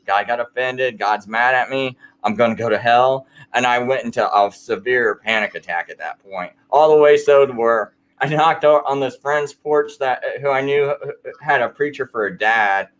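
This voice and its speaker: A man recounts his own story in an easygoing late-night conversation. His voice sits at an ordinary middle pitch, and his sentences wander, restart and lean heavily on filler words. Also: moderate pace, a bit bright. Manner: rambling, filler-heavy storytelling.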